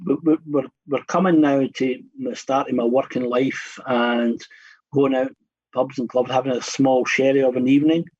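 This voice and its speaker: A man's voice: mid-range voice, fairly even intonation, normal speed, a little mellow, breathy edge. A man in his fifties, a guest on a radio show, telling long anecdotes in a rambling way with many restarts. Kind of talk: casual radio chat. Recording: dull, muffled radio studio sound.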